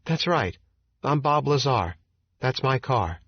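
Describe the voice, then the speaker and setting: A man's voice: medium pitch, expressive, slow pace, breathy edge, pitched above the performer's own voice, exaggerated voice. A man voicing a polite young man who introduces himself plainly. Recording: dull, dry audiobook recording.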